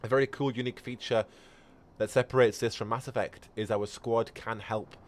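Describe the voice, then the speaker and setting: A man's voice: mid-range voice, fairly even intonation, normal speed. A man giving chatty live gameplay commentary and answering viewers as a streamer. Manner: chatty, reads chat aloud. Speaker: game streamer.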